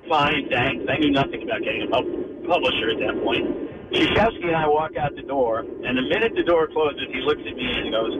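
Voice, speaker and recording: A middle-aged man with a slightly high voice tells a long story as a radio guest, jumping into the voices of everyone he quotes. Heavy noise runs behind him on the broadcast line. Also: normal speed, muffled recording. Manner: animated anecdote teller, acts out quoted voices. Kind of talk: phone-in radio interview storytelling.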